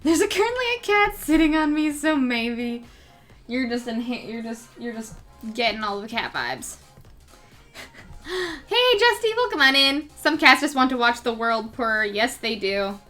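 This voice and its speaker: A woman's voice: on the high side, expressive, normal speed, a bit bright, faint music behind. A young woman chatting casually with her viewers and her cat during a live drawing stream.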